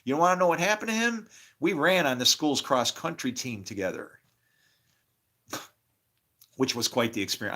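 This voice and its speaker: Bright-voiced profane rambling man. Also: mid-range voice, normal speed. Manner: profane, excitable, preachy outbursts. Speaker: guest. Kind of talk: rambling storytelling monologue.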